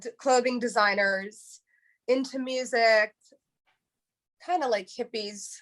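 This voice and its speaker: Earnest woman, halting and heartfelt. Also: fairly high pitch, steady tone, a bit bright. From New York. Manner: halting, repeats words and restarts often. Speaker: guest. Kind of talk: emotional interview, candid storytelling.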